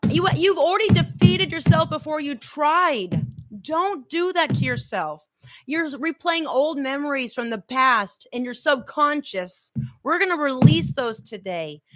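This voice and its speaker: High bright energetic woman life coach. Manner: energetic and emphatic, repeating mantras. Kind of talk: motivational master class.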